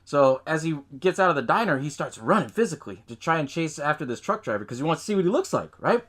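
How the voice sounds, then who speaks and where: A man's voice: fairly high pitch, big pitch swings, fast talker, a bit bright. A man hosting a podcast, recapping a film in loose casual chat, swearing often, laughing and acting out lines from scenes. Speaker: podcast host.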